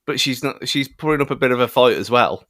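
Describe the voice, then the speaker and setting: A man's voice: mid-range voice, fast, a bit bright, no room sound, studio quality. A man co-hosting a podcast, chatting about a film in a rambling way with frequent restarts. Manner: rambling, many restarts and fillers. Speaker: podcast co-host. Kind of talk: casual film review chat.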